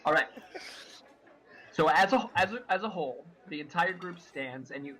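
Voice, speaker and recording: A man's voice: fairly high pitch, moderate pace, pushed and bright, rough recording. A man narrating a tabletop game as game master, rambling with many fillers and restarts.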